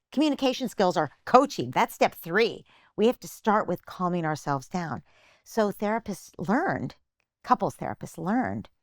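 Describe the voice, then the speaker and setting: A woman's voice: lowish voice, no room sound, studio quality. An older woman, a psychotherapist being interviewed, patiently explaining parenting advice and acting out little imagined phrases. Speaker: guest psychotherapist.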